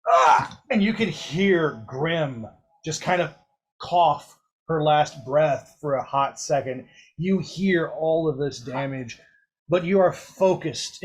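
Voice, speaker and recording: A man narrating a tabletop game as game master, casual and rushing through rules. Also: a little high.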